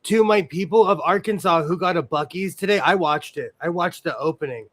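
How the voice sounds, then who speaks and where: A male host in casual chat, talking in an animated way and laughing often. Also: fairly high pitch, brisk.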